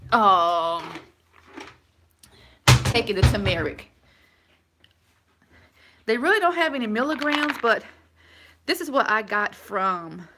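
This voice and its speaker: Chatty woman on a home livestream, bright voice, keeps restarting sentences. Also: a little high, a little hiss or hum. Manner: rambling, chatty, many restarts. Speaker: vlogger chatting with live viewers. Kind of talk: casual live-stream chat.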